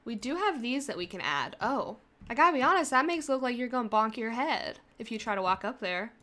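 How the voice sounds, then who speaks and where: A woman's voice: fairly high pitch, animated, fairly quick, bright, forceful tone. A young adult woman chatting casually as she plays a building game, thinking aloud and laughing at herself. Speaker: gaming creator. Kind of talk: casual gameplay commentary.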